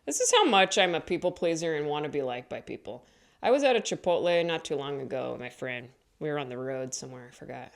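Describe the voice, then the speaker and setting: A woman comedian telling rambling stories in a casual, mumbly way and acting out quotes in higher voices. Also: lively intonation, fast. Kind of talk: casual comedic storytelling monologue.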